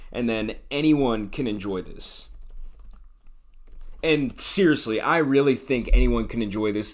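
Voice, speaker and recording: A young man talks through his film picks in a casual, chatty way, full of enthusiasm. He fills pauses with ums and sits at an ordinary middle pitch. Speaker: film reviewer. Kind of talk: casual movie review monologue.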